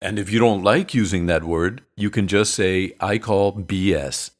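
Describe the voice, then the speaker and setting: Low-voiced American man teaching phrases. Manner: slow, clear explanations with joking asides. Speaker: English teacher. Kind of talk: explanatory lesson narration.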